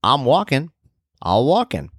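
A man's voice: mid-range voice, huge pitch swings, measured pace, a bit bright, slightly rough, no echo, studio quality. A middle-aged man hosting a podcast, telling a rambling, self-deprecating story in a casual monologue. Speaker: podcast host.

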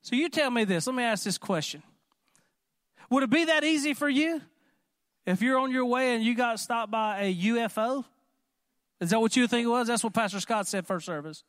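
A man preaching a sermon in an animated, conversational way, often asking the congregation questions. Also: very high-pitched, moderate pace, no room sound, clean studio sound. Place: church.

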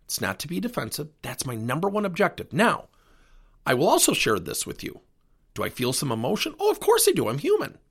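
Middle-aged man, podcast host and coach, husky, gravelly voice, very lively pitch. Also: brisk. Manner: animated, earnest coaching delivery. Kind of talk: solo podcast talk.

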